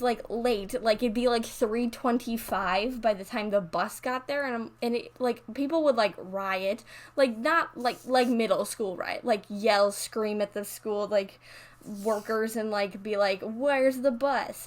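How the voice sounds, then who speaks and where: Casting: teen girl YouTuber, slightly high voice, loose rambling storytime delivery. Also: steady tone, measured pace. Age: teens. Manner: rambling, full of "like" and restarts. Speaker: YouTuber narrating over a speed build. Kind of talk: casual storytime chat.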